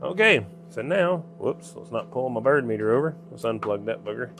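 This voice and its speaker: A man's voice: medium pitch, lively intonation, moderate pace, vocal fry, background noise. A man with a Southern US accent casually talking himself through each step as he works in his workshop. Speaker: workshop maker. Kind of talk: casual narration while working.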